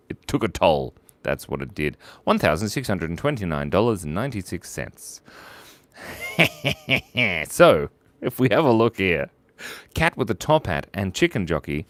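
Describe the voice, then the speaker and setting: Deep, playful man hosting a drawing stream. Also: sing-song, unhurried. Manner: playful, jokey, reads viewer names and shout-outs aloud. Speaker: live-stream drawing host. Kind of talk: casual live-stream chat while drawing.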